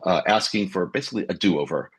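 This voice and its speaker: A man as a guest on a fintech podcast, explaining in a measured way, with many ums and uhs. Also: sits low, a bit bright, slightly rough. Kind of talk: casual podcast conversation.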